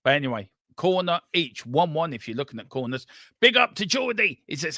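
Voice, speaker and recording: Bright, excitable man calling football live. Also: on the high side, a little fast, no room sound, studio quality. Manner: excitable, running commentary with banter. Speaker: watchalong host.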